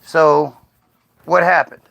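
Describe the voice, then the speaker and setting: A man's voice: on the high side, fairly even intonation, takes it slowly, gravelly, fairly bright tone, dry recording, muffled recording. An American man arguing with an AI voice in blunt, insistent casual talk. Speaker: streamer questioning an AI.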